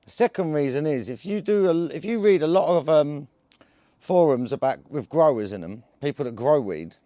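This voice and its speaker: A slangy man talks to camera in a loose, rambling vlog, his voice sitting a little high for a man. He strings thoughts together with fillers and quick "yeah?" checks. The close mic keeps the sound very dry. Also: animated, dark tone, dry recording. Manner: slangy, chatty, full of fillers and tag questions. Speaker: cannabis vlogger. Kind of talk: casual rambling monologue to camera.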